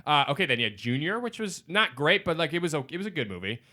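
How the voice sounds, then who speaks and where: Podcast host, man, bright and forward tone, casual chat, enthusiastic, swears freely. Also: a little high, big pitch swings. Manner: enthusiastic, swears casually, lists films rapidly.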